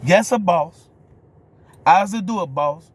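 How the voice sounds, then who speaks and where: In a high-pitched voice and at a slightly slow pace, a male vlogger from New Orleans, with the accent to match, delivers a blunt, profane rant to the camera. Over and over he asks, "you hear me?"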